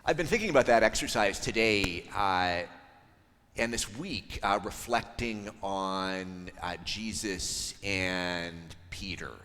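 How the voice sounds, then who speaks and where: Slow, deep-voiced pastor in a reverberant church. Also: male voice, sharp tone. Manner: conversational, thoughtful, frequent ums. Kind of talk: sermon.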